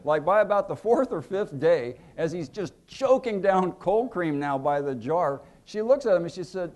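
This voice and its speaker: A man's voice: high-pitched, normal speed, hardly any pauses. A middle-aged man, an author giving a book talk, telling humorous anecdotes with many fillers and acted-out quotes. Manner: lively storyteller, acts out quotes, many fillers.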